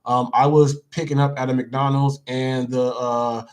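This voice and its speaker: A man hosting a live show, reading viewer comments aloud and chatting in a playful, repetitive, animated way. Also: medium pitch, unhurried. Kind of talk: casual live-stream chat.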